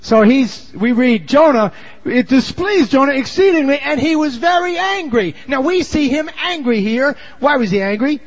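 A man's voice: lively intonation, moderate pace. Folksy preacher man, lo-fi sound. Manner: folksy storytelling, swinging from low asides to shouted emphasis. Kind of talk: sermon.

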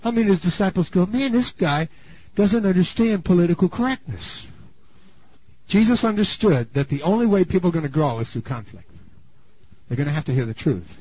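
A man preaching a sermon, dramatic and swinging from loud bursts to hushed asides. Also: fairly high pitch, slightly rough. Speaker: pastor. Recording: dull lo-fi sound.

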